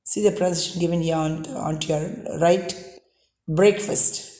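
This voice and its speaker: A woman's voice: sits low, steady tone, brisk, warm tone, roomy sound. A woman with an Indian English accent teaching a pronunciation lesson, spelling words out letter by letter and explaining patiently.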